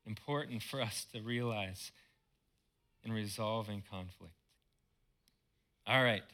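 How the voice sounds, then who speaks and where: Bright-voiced man preaching a sermon. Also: fairly low pitch, slow. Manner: earnest, repeats words when emphasizing. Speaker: pastor.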